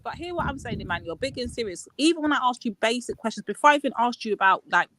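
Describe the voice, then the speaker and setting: A woman's voice: a little high, animated, fast talker, fairly bright tone. A woman hosting a casual panel chat, laughing often and pressing a guest with questions. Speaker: host.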